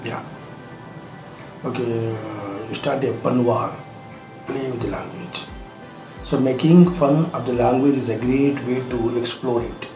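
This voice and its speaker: A man's voice: mid-range voice, takes it slowly, long pauses, dark tone. A man giving a spoken lesson, earnest and repeating his points for emphasis. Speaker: English teacher. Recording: echoey room with faint music.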